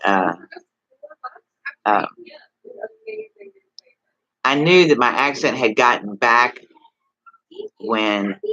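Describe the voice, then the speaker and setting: A man's voice: fairly low pitch, bright, forceful tone, dry recording, lo-fi sound. Texan man rambling on a livestream. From Texas. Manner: rambling, talks straight to viewers with many questions. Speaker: livestream host. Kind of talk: casual livestream chat.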